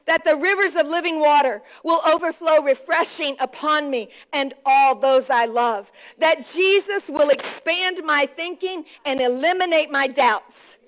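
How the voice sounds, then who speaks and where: High-voiced woman preaching a fervent sermon. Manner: fervent, repetitive declarations, calls for response. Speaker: pastor. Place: church service.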